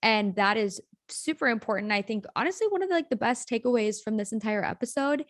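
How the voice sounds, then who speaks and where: A woman's voice: a little high, animated, brisk, no echo, studio quality. A woman hosting a podcast, affirming her guest's answer in casual chat. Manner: encouraging, affirming. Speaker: podcast host.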